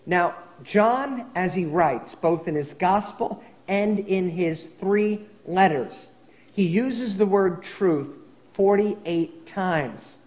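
High-voiced man preaching a sermon. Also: slow, darkish tone. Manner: reads scripture dramatically, raising his voice for quoted speakers. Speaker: pastor. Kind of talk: sermon with scripture reading. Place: church sanctuary.

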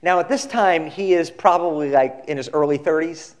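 A male pastor giving a sermon, telling a story in a relaxed conversational way and acting out the quoted people. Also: on the high side, moderate pace.

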